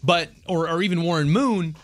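Animated rambling male sports radio host. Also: fairly high pitch, moderate pace. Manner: animated, rambling, many restarts.

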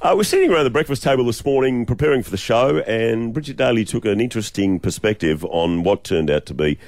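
A man's voice: mid-range voice, expressive, fast talker, a little mellow. A man hosting a breakfast radio show, reading promos and handing to a co-host. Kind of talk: radio announcing. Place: radio studio.

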